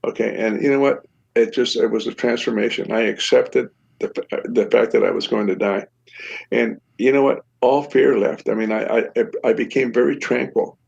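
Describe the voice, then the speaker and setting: An older man recounts a story in a casual, halting way, stopping often to restart his sentences. His voice is gravelly and mid-pitched. The recording sounds slightly dull and lo-fi. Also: fairly even intonation, a little mellow. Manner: halting, many fillers and restarts, laughs wryly. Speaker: podcast guest recounting a shootout.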